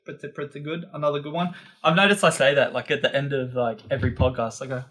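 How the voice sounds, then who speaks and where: A man's voice: steady tone, fast, fairly bright tone. Laughing Australian man in casual chat. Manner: laughing, jumps into high put-on voices to act out jokes. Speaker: podcast co-host.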